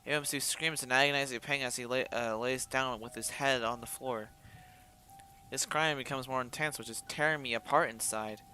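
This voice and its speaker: A man reads a visual novel aloud in the first person, putting feeling into the narration. His voice is an ordinary mid pitch, and he often stumbles and restarts. He breaks off now and then with blunt sworn reactions, while faint music plays behind him. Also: steady tone, normal speed, bright, forceful tone. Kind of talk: dramatic first-person story reading with asides.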